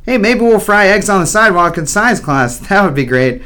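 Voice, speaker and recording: A man's voice: high voice, lively intonation, moderate pace, bright, forceful tone, voice pushed up. A man voicing an eager, naive sixth-grade boy in a storybook, talking earnestly and wonderingly to himself. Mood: cheerful. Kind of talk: storybook character voice.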